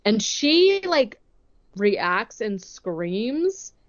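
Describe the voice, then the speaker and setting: A woman co-hosting a podcast, recapping a movie plot in a casual, chatty way and acting out the characters' lines in quick bursts. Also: fairly high pitch, sing-song, dull audio. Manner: chatty, retells scenes with quick acted-out quotes. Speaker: podcast co-host.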